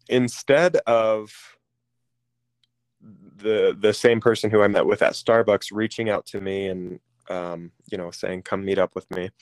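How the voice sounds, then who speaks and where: A man candidly telling a personal story as an interview guest, pausing often with ums and restarting phrases. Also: on the low side, no echo. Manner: halting, with frequent ums and restarts.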